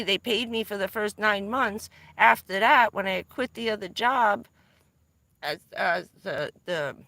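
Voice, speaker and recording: Speaking from her van or just outside it, a middle-aged woman from New Jersey rambles through excitable stories on her vanlife live stream, dropping a swear now and then. Her fairly high voice comes through on a dry recording.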